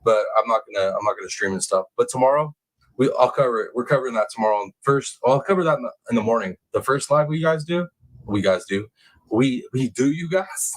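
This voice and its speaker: A man hosting a casual true crime livestream, reading chat comments aloud and bursting into excited, high-pitched exclamations. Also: fairly quick, rough recording. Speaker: livestream host.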